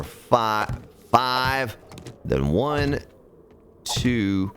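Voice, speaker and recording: A man live-streaming a game, chatting casually with his viewers while he works. He talks at an unhurried pace, and his pitch swings widely as he counts out loud and mutters at the game. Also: a little hiss or hum.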